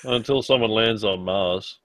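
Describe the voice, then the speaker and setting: A man co-hosting a podcast in casual chat, making teasing deadpan quips with some swearing. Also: on the low side, measured pace, dry recording. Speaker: podcast co-host.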